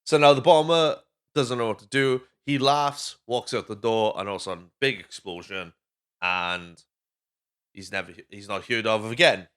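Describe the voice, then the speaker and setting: A man's voice: fairly low pitch, moderate pace, fairly bright tone, clean tone. Rambling Welsh man recapping a movie. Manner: rambling, swears freely, goes off on tangents. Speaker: podcast host. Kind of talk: casual movie recap chat.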